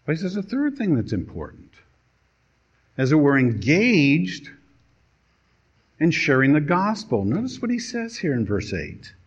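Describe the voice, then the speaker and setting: A man pastor preaching a sermon, telling a story with dramatic pauses and a storytelling delivery. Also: fairly high pitch, wildly swooping pitch, husky. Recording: dull lo-fi sermon recording.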